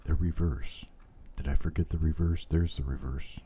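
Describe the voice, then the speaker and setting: A man hosting a live coin auction, calling bids over and over in a steady chant. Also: extremely low pitch, moderate pace, slight background noise. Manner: repetitive bid-calling chant with playful tongue twisters. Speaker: auctioneer host.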